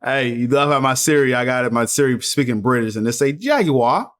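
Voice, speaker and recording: A man's voice: medium pitch, steady tone, quick pace, a bit bright, smooth. Easygoing, laughing man in sports chat. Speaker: podcast panelist.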